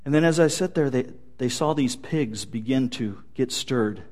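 A man's voice: mid-range voice, lively intonation, moderate pace, a little mellow. A male pastor preaching a sermon, telling stories with light humor.

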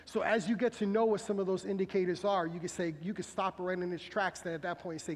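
Earnest pastor preaching in a reverberant hall. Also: male voice, high-pitched, flat delivery, fast talker, hardly any pauses, slight background noise. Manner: earnest, exhorting, repeats questions for emphasis. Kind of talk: sermon. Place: church sanctuary.

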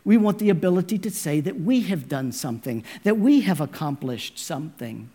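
Casting: male pastor, pitched a bit high, emphatic sermon delivery, speaks warmly to "friends". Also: animated, normal speed, slightly rough. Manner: emphatic preaching, addresses listeners as friends.

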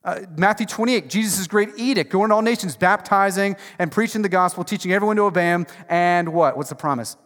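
Male pastor, sermon, fairly high voice, emphatic and conversational, long hall echo. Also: fast, few pauses. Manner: conversational, emphatic, swings from loud to hushed. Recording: long reverb of a large hall.

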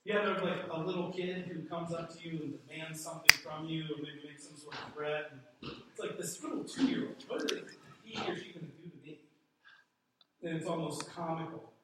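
Brief: male pastor, fairly high bright voice, chatty storytelling sermon, heard from a distance. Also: steady tone, moderate pace, noisy background. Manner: conversational storytelling, chuckles while telling. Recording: echoey room from a distant mic.

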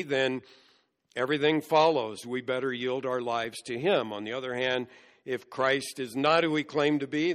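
Male pastor, mid-pitched, unhurried, teaching sermon with long church reverb. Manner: measured, explains scripture verse by verse. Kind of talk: expository sermon.

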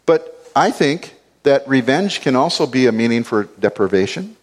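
A man's voice: mid-range voice, very animated, moderate pace. A man giving an expository Bible teaching, explaining word meanings and repeating key phrases for stress.

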